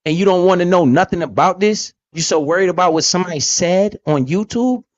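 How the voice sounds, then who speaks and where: A man's voice: high-pitched, animated, a little fast, lo-fi sound. A man hosting a casual, profane talk about investing, blunt and emphatic with lots of slang. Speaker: podcast host.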